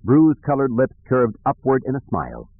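A man narrating an audiobook in a measured, even storytelling manner. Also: medium pitch, creaky, no room sound. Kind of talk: scripted narration. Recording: dry tinny phone-like recording.

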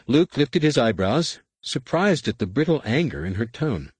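A man reading a novel aloud as narrator, steady and even, close to the mic. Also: medium pitch, normal speed, hardly any pauses, husky, no echo. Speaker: audiobook narrator. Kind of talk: scripted narration.

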